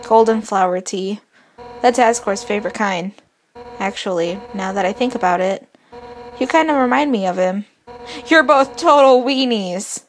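A woman voicing a brash, hot-headed female fish warrior captain from a video game, blunt and boastful with gruff outbursts. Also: mid-range voice, moderate pace, slight background noise, close to an everyday voice. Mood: teasing. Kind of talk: reading game dialogue aloud.

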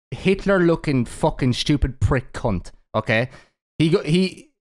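A man hosting a casual podcast chat, ranting with heavy swearing and quick to laugh. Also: mid-range voice, fairly bright tone. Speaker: podcast host.

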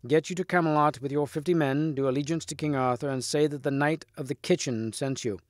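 A man reading as a gentle, steadfast young knight. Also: on the high side, fairly even intonation, fairly quick, no echo, clean studio sound, close to an everyday voice. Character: brave, courteous young knight.

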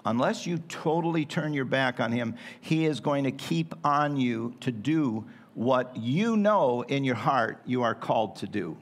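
A man's voice: mid-range voice, lively intonation, measured pace, hardly any pauses. A middle-aged man preaching a sermon in a church in a folksy, joking way with playful asides. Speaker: pastor. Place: church sanctuary.

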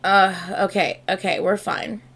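A woman's voice: mid-range voice, fairly even intonation, a little slow, a bit bright. A woman reacting to a music video in casual, chatty commentary, gushing and swearing freely.

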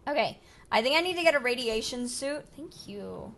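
A young woman hosting a casual let's play, excitable and talking to game creatures as she plays. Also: on the high side, unhurried. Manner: excitable, talks to game creatures, jumps from whispers to yelps. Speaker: gaming channel host.

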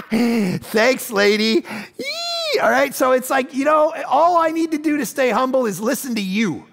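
High-voiced gravelly man preaching. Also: moderate pace, a little hiss or hum. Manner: animated storytelling that acts out quoted voices; self-deprecating and conversational. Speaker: pastor. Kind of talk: sermon.

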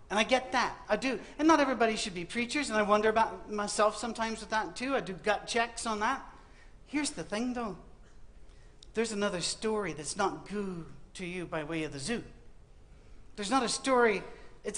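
A man's voice: high voice, expressive, normal speed, fairly bright tone. A man with a West Virginian accent giving a humorous sermon talk to students, telling stories with wry, dry punchlines. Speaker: preacher speaking to students.

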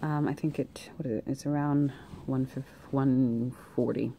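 A young woman chats through an outfit vlog with a very low, mellow voice. She rants in an annoyed tone and fills her talk with ums and restarts. Faint ambient noise sits behind her. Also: steady tone, a little slow. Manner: annoyed, ranting, with many fillers. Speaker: vlogger. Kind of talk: casual vlog chat.

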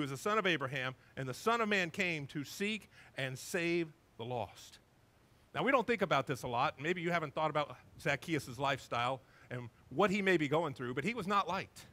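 A male pastor preaching a sermon in an animated, emphatic storytelling manner. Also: high-pitched.

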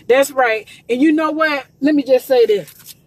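A woman, from Georgia, speaks live into her phone from the roadside. Her voice sits a little high and husky. She talks in an emphatic, preachy way and repeats herself often. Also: measured pace. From Columbus, Georgia. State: emotional, near tears. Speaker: gospel promoter. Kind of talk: live social media talk. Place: in a car by the road.

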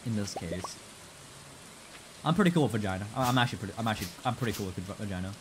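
A man's voice: on the low side, racing. A young man streaming a game, chatting casually, rambling and restarting his sentences, swearing and reading chat aloud. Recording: steady background noise.

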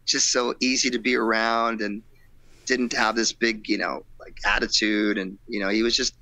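Gravelly rock singer telling stories. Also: male voice, lowish voice, moderate pace, no room sound. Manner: animated storyteller acting out quotes, laughing, swearing. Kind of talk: storytelling in a casual interview.

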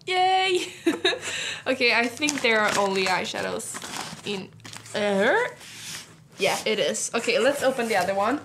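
A woman's voice: medium pitch, expressive, measured pace, noisy background. A young woman unboxing beauty products in a vlog, gushing and giggling, with plenty of fillers. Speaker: beauty vlogger.

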